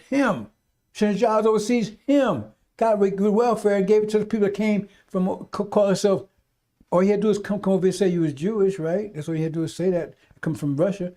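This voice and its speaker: A man's voice: high voice, dark tone. A man talking on a radio stream, rambling and scolding in a folksy way, now and then mocking people in put-on voices. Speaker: radio preacher. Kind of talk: unscripted radio talk.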